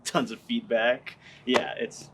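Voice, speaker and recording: A man's voice: medium pitch, fairly even intonation, slow pace, background noise. A young man who sings in a band, talking casually in an interview in a laid-back, rambling way and laughing often. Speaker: band singer.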